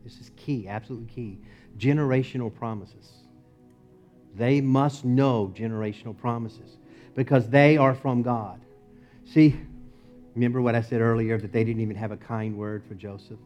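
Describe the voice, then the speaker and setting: A male pastor preaching a sermon in a church, moving from loud emphatic lines to low, quiet ones. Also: fairly even intonation, moderate pace, muffled recording, faint music behind. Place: church sanctuary.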